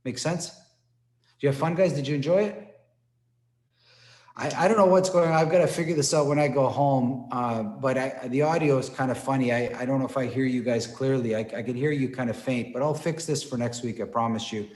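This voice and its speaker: A man's voice: medium pitch, fairly quick, a little mellow, roomy sound. A man teaching an online martial arts class, telling stories and encouraging students with frequent "right?" and "okay?" tags. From Toronto. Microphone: computer mic on a video call.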